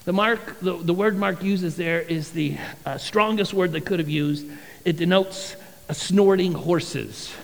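A male pastor preaching a sermon with animated, dramatic storytelling in a church sanctuary. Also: on the high side, unhurried, creaky, long reverb tail, rough recording.

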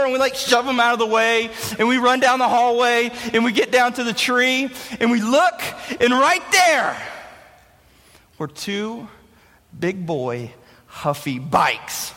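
High-voiced man telling a playful story. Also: unhurried. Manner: animated, playful, jokey storyteller. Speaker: youth speaker. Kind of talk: storytelling youth talk. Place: large hall before an audience. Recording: echoey hall reverb.

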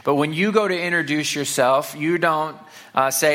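A man's voice: a little high, bright, forceful tone. A man from the Saint Louis area preaching a sermon to his church in a conversational way, with fillers and repeated words. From Saint Louis area, Missouri. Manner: reads scripture aloud, slowing for emphasis. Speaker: pastor.

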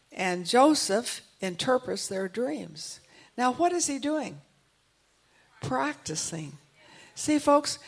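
An older woman preaching a sermon, telling stories with lively acted-out dialogue and calls to the congregation. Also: fairly high pitch. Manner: animated storytelling, acting out dialogue.

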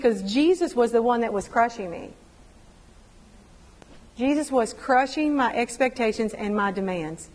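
A woman's voice: a little high, long reverb tail, rough recording. A woman giving a personal testimony to a women's class, telling stories and acting out what people said. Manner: animated storytelling, acts out quotes. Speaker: women's ministry speaker.

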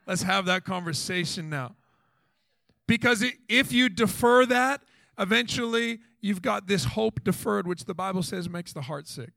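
Animated high-voiced male preacher. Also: vocal fry, no echo. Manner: animated, acts out quoted voices, rhetorical questions. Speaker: pastor. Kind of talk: sermon.

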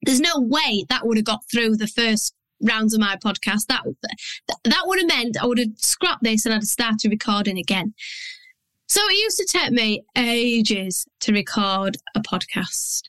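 A Yorkshire woman talks straight to her podcast listeners, blunt and down to earth, with a fairly high voice. The sound is dry and close, with no room around it. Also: lively intonation, unhurried, fairly bright tone, dry recording, rough recording. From Yorkshire, England. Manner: blunt, down-to-earth, chatty with mild swearing. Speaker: business coach and podcast host. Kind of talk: solo podcast monologue.

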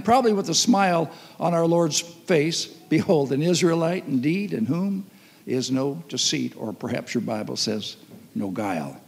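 A man's voice: a little high, vocal fry, husky. A man preaching a sermon as pastor, telling stories and acting out voices. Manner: storytelling, animated, acts out voices. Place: church hall. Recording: long reverb of a church hall.

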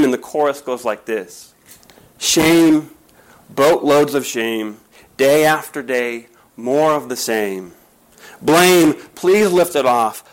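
Male pastor, sermon, emphatic storyteller, slightly high voice. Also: rough recording. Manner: storytelling, emphatic, rhetorical questions.

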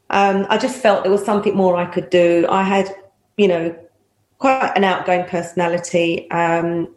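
A middle-aged woman who used to be a police officer tells anecdotes in an interview, her voice sitting on the low side. She's lively, laughs a lot and mimics the voices of the people she quotes. The recording has a roomy echo.

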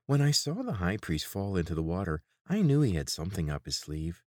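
A man's voice: low voice, big pitch swings, brisk, darkish tone, no echo, clean studio sound. A man voicing a timid, whining male city guard with a nasal voice in an audiobook. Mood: uneasy. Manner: whining, anxious. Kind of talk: audiobook character voice.

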